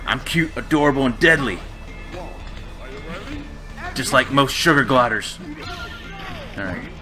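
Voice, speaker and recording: Man doing a cute deadly game fighter girl, mock-menacing boast, bright tone, lively pitch. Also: a little slow, soft background music.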